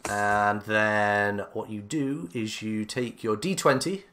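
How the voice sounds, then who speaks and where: A man narrating as game master of a tabletop game, unhurried and hesitant with many fillers. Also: on the low side, fairly even intonation, pushed and bright.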